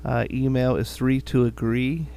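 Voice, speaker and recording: A man's voice: mid-range voice, steady tone, measured pace, vocal fry, dark tone, a little hiss or hum. A middle-aged man co-hosting a podcast, chatting casually in an easygoing, rambling way and often repeating words. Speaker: podcast co-host.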